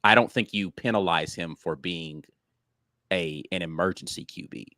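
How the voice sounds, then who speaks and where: A man's voice: sits low, normal speed, sharp tone, no room sound, clean studio sound. A man co-hosting a sports podcast in a confident, emphatic casual way, calling people "bro.".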